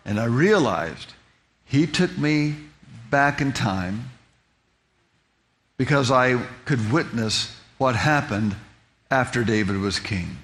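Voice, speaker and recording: A man telling his own testimony in a meandering, storytelling way. He restarts phrases and repeats words as he goes. He describes things in close, vivid detail, and his voice sits at an everyday middle pitch with faint noise behind it. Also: animated, measured pace, a bit bright. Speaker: speaker giving a personal testimony.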